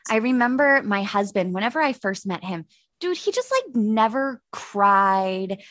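A woman in her thirties chatting casually as a podcast guest, swearing freely and jumping up high in pitch when she quotes herself. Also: very animated, unhurried, a bit bright, dry recording, clean studio sound. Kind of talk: casual chat.

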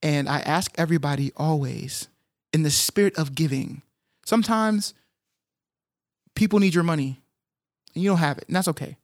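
A man's voice: fairly high pitch, normal speed, pauses often. A man co-hosting a podcast in casual chat, playful and jokey, with a slight lisp on his R sounds. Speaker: podcast co-host.

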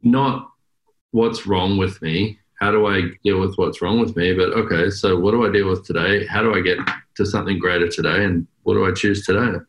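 A man's voice: low voice, normal speed. An Australian man hosting a podcast, chatting casually and animatedly, often acting out little quotes. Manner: animated, laughing, acts out quotes. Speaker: podcast host. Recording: roomy echo.

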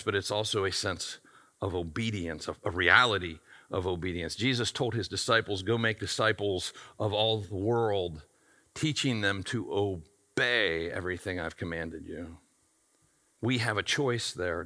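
A man's voice: deep voice, bright, forceful tone. A man pastor delivering a sermon in an emphatic, conversational way.

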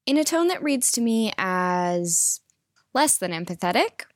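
A woman presenting a scripted news commentary in a measured, explanatory way. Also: medium pitch, sing-song, no echo, clean studio sound.

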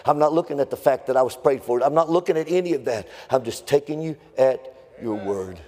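A man preaching a sermon, building into a fervent, sing-song, near-shouting cadence. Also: mid-range voice, fairly quick. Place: church sanctuary. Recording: long reverb in a church hall.

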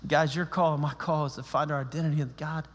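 A male pastor delivers an impassioned sermon in a church, his voice sitting high for a man. He builds to emphatic, stirring declarations. The sound carries a long reverb from a large hall. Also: fairly even intonation, quick pace.

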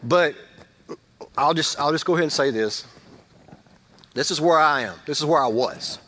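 A middle-aged male pastor giving a conversational sermon, rising to loud emphasis and dropping to quiet asides. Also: a little high, moderate pace.

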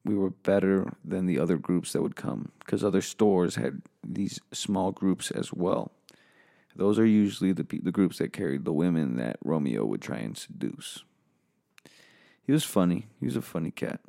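A man's voice: low-pitched, animated, normal speed, creaky, mellow, no room sound, studio quality. A man giving a profane comedic rant, weary and bitter, flaring into angry outbursts.

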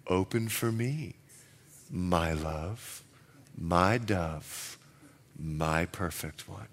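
A man voicing a tender king who woos his wife at night, crooning in a hushed, very low and soft voice. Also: extremely slow.

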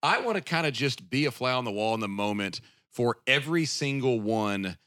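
A man hosting a relaxed podcast conversation, talking in loose, rambling bursts with plenty of restarts and easy laughter. His voice sits at an ordinary middle pitch, recorded close and dry with no room sound. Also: moderate pace, no echo. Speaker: podcast host. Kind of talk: casual chat.

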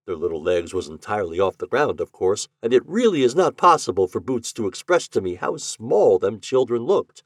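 A man's voice: fairly low pitch, very animated, moderate pace, few pauses, no room sound, clean studio sound. A man narrating a classic story aloud as a podcast reader, telling it expressively. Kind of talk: reading classic fiction aloud.

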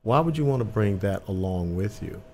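Older veteran guest, low and gravelly, earnest with emphasis. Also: male voice, expressive, a little fast, dark tone, slight background noise. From Atlanta, Georgia, US. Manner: earnest, emphatic, repeats words when starting. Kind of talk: conversational interview.

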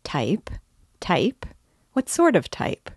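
A playful young girl full of eager, teasing questions, as a woman reads her part. The voice sits low and is recorded close and dry. Her lines are lively and a little impatient. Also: measured pace, dry recording. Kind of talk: audiobook character reading.

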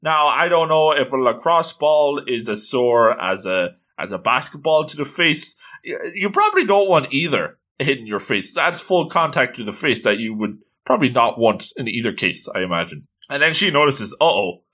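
A man's voice: mid-range voice, big pitch swings, normal speed, hardly any pauses, bright, forceful tone. A man casually recapping a story with playful, jokey asides.

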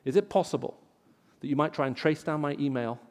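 Man, English accent, sermon, slightly high voice, long hall reverb. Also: brisk. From Middle East. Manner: storytelling, rising loud for emphasis. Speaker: preacher. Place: large auditorium.

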